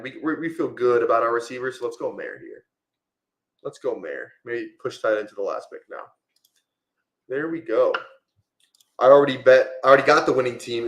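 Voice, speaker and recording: A man's voice: mid-range voice, a bit bright, echoey room. A man casually talking through a fantasy football draft on a live stream, rambling with lots of fillers.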